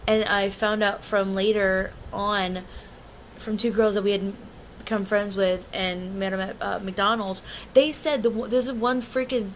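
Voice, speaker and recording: A woman's voice: mid-range voice, steady tone, unhurried, a little hiss or hum. A young woman telling a concert story in a casual vlog, agitated and rambling, often restarting and swearing. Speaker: concert fan recounting an experience.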